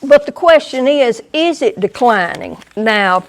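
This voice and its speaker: Woman, Southern US accent, museum lecture, very slow, wry asides. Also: high voice, lively intonation. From American South. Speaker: guest lecturer.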